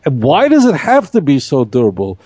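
A man leads a Torah study class, emphatic and animated, with rhetorical questions. His pitch swoops up and down a lot, and his tone is mellow and rather high. The sound is dry and close. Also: a little fast, slightly rough, no room sound. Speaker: Torah teacher.

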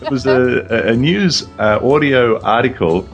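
A man's voice: medium pitch, a little slow, faint music behind. A man with an Australian accent hosting a radio show, playful and laughing, often tripping over his words. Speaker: radio host. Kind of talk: casual radio chat.

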